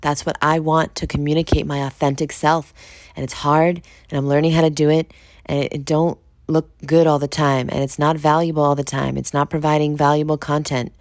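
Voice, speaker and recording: A woman's voice: low-pitched, little pitch movement, a little fast, no room sound, studio quality. A woman hosting a podcast, talking alone in a frank, confessional way, swearing freely and asking listeners direct questions. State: just woke up. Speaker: podcast host. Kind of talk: candid solo monologue.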